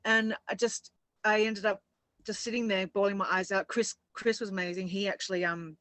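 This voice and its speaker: A woman's voice: mid-range voice, fairly even intonation, moderate pace, a bit bright, no room sound, low-quality recording. A woman co-hosting a casual chat, rambling and laughing as she tells her story. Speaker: co-host.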